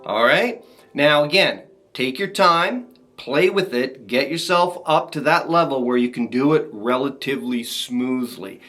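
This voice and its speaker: A man teaching a ukulele strumming lesson, talking to viewers in a relaxed, encouraging way. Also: mid-range voice, measured pace, faint music behind. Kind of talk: casual instructional talk. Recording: ukulele playing behind voice.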